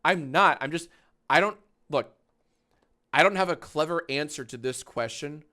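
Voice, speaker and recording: A man in his thirties chatting casually on a live stream from a small home office, animated and swearing freely. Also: on the high side, normal speed. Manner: animated, swearing, baby talk to his dog.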